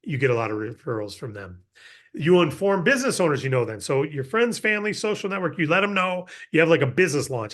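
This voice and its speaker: Middle-aged male sales trainer, casual and energetic, pitch a touch high, role-plays sample pitches. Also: fast. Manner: energetic, acts out sales scripts.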